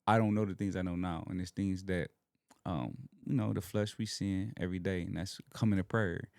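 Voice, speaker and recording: A young man from Alabama talks as a podcast guest. His voice sits low, and the recording is dry and close with no room sound. He speaks in an earnest, heartfelt way and holds back emotion as he shares personal faith. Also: fairly even intonation, normal speed, creaky, a little mellow, no room sound. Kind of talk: casual heartfelt conversation.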